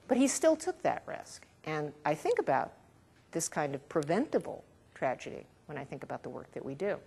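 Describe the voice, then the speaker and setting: A woman's voice: lowish voice, breathy edge. A woman researcher giving an academic lecture in a conversational way, with asides and the odd chuckle.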